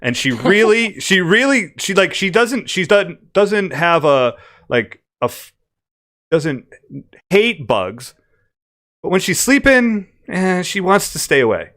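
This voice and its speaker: A man's voice: sits high, sing-song, takes it slowly, fairly bright tone. A man running a tabletop game, brainstorming characters and places in casual chat, laughing often and restarting his sentences. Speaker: game master.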